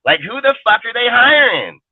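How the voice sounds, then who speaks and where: A man's voice: extremely high pitch, big pitch swings, moderate pace, slightly rough, no room sound. A man co-hosting a sports fan roundtable, ranting emphatically and swearing constantly. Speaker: podcast co-host. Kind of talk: heated fan roundtable talk. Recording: narrow phone-like dry sound.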